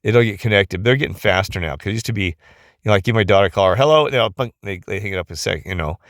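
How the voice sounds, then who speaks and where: A man's voice: sits low, fairly even intonation, very fast, dry recording, studio quality. A tired middle-aged man talking in a rambling casual monologue, often losing his thread and restarting, recorded on a phone. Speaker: vlogger.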